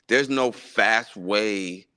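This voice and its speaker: A man talking as a guest musician in a casual live interview, in a relaxed, loose way with lots of fillers and restarts. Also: lowish voice, extremely slow, clean tone, dry recording. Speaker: guest musician, gospel pianist.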